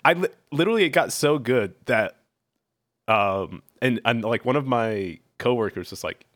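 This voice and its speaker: Man from Virginia, podcast host, casual joking chat, middle pitch, dry close sound. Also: animated, normal speed, fairly bright tone, no echo. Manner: joking, laughs often.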